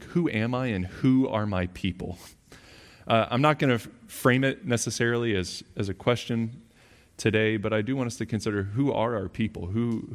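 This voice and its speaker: A young adult campus minister, a man who is sick and congested, preaching a sermon in a relaxed, conversational way with a husky, twangy voice. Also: lowish voice.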